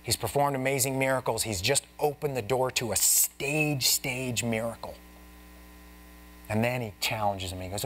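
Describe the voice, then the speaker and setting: A man's voice: mid-range voice, moderate pace, a little hiss or hum. A man preaching as a pastor in a church, teaching in a casual, chatty way, talking to the congregation like friends and acting out Bible scenes. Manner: acts out the Bible characters in lively voices. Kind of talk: expository sermon. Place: church sanctuary.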